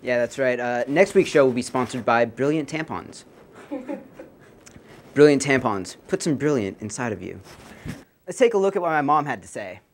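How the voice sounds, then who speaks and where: A young man hosting a college comedy show, delivering jokes in a deadpan way with small laughs between them. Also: mid-range voice, normal speed, long pauses, slight background noise. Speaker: host. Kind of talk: joking late-night host monologue.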